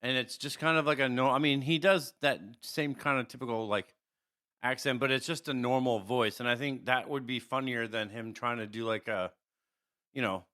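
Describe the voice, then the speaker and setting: A man's voice: mid-range voice, fairly even intonation, moderate pace, bright, forceful tone. A man co-hosting a podcast in casual chat, hesitant and repeating his words. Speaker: podcast co-host.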